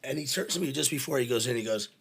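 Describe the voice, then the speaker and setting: A middle-aged man telling backstage stories in a casual, animated way, swearing freely and using lots of fillers. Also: medium pitch, very fast, vocal fry, breathy edge. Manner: animated, profane, full of fillers. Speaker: podcast guest, venue manager. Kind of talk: casual anecdotal storytelling.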